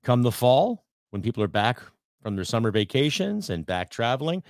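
A man's voice: mid-range voice, very animated, normal speed, darkish tone, dry recording, clean studio sound. A man hosting a political podcast, ranting heatedly with rhetorical questions and some swearing. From Canada. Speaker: podcast host.

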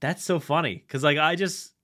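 A man's voice: a little high, moderate pace, sharp tone. Chatty male podcast host. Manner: chatty, laughing, restarts a lot. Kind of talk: casual chat.

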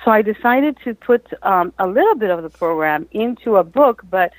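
A woman, a mindset coach and author, telling her story as an interview guest, lively and acting out quotes with frequent restarts. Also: medium pitch, moderate pace, no echo, low-quality recording.

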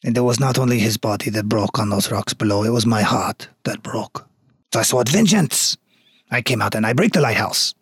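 A man's voice: on the low side, normal speed, slight background noise, lightly acted. A man voicing a vengeful male vintner turned goop monster, with a fake French accent in a theatrical villain monologue.

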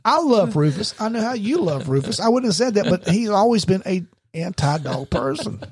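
A middle-aged retired police sergeant spins stories over drinks, acting out every quote. His voice is husky and high, with wide swings in pitch, close and dry on the mic. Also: normal speed, no echo. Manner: animated storyteller, acts out quotes, laughs often. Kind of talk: casual storytelling on a podcast.

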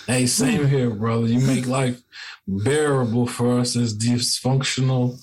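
A man's voice: medium pitch, steady tone, measured pace, a little mellow, a little hiss or hum. A man with a Southern Florida accent, a veteran joking around in a laid-back podcast chat.

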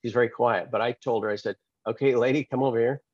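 A man, a pastor and author, telling a testimony in an interview, acting out the quoted dialogue with lively changes of voice. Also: medium pitch, fast, dry recording, lo-fi sound. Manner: animated, acts out quoted dialogue.

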